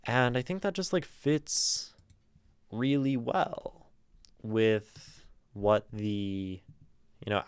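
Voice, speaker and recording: A man's voice: on the low side, smooth, no echo, studio quality. A man streaming live, casually talking through a poem's rhymes and rhythm, rambling with lots of fillers and sounding the words out. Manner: relaxed and rambling, with many fillers and sounds voiced aloud. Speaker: streamer reading poetry from chat. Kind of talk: casual analysis of poetry on a livestream.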